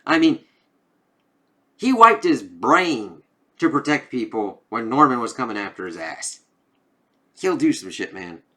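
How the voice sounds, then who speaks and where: A man's voice: medium pitch, sing-song, measured pace, pauses often, fairly bright tone. A man casually talking through a comic book review, rambling and swearing freely as he retells the story. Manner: profane, rambling retelling full of fillers.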